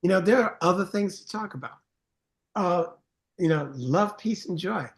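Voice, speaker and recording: Man, songwriter guest, fairly high voice; earnest storyteller who livens up when mimicking friendly greetings. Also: animated, normal speed. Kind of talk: casual interview chat.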